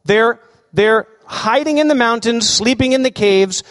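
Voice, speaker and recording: A man with a high voice preaches a lively sermon, asking the congregation questions. His voice rings out with a long reverb in a large hall. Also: unhurried. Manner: animated preaching, asks the crowd questions. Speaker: pastor.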